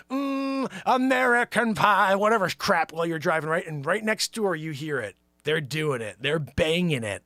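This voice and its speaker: A man hosting his own show, riffing an improvised comedy monologue with sudden loud shouted bursts. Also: high-pitched, no room sound. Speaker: show host.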